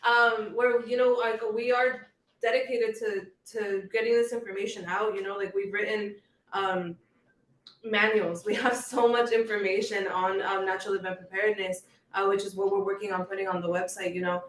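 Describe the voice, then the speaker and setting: A person speaking casually as a guest on a livestream, unhurried and full of fillers like "you know" and "um". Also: mid-range voice, flat delivery, fairly bright tone, echoey room, recorded from a distance.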